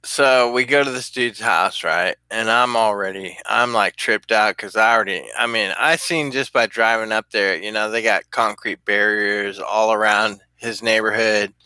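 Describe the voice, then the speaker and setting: Man, middle-aged, profane rambling storyteller, bright voice, dry close sound. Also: lowish voice, moderate pace, few pauses, clear, resonant tone, no echo. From California. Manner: profane, rambling, laughs often. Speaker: vlogger telling stories. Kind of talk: casual storytelling.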